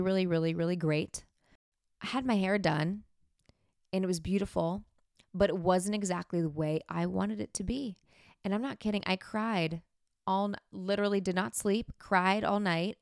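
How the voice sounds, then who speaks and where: A woman's voice: fairly low pitch, clean tone, dry recording, studio quality. A woman hosting a podcast, talking frankly and chattily about herself in a candid self-help monologue. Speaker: podcast host.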